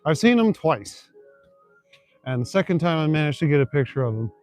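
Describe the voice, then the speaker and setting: His voice is a little high and slightly mellow, with big pitch swings and a brisk delivery, as this young livestreaming vlogger walks night streets reading and answering comments. He's easygoing, rambling, and chuckling, with lots of fillers, over soft background music.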